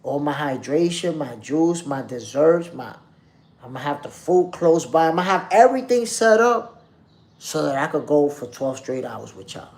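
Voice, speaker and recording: Gravelly-voiced boxing stream host. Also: male voice, a little high, expressive, moderate pace, a little mellow. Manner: loose slangy street talk, addresses chat directly. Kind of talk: casual live-stream chat reading comments.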